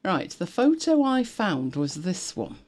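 A woman's voice: on the low side, sing-song, measured pace, a little mellow. A woman from Britain co-hosting a casual chat stream, sarcastic and chatty, laughing often and thinking aloud as she reads. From United Kingdom. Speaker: co-host of a live stream.

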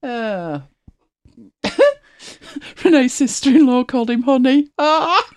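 Co-host, middle-aged woman; animated, laughs easily, very expressive pitch. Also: slow pace, clear, resonant tone, no room sound. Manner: chatty, laughs often, animated storytelling. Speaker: podcast co-host. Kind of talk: casual chat.

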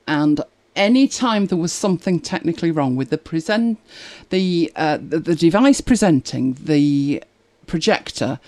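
A woman's voice: low-pitched, mellow. A woman hosting a live stream, chatting casually and telling stories as she reads out viewer comments, laughing often. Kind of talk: casual chat.

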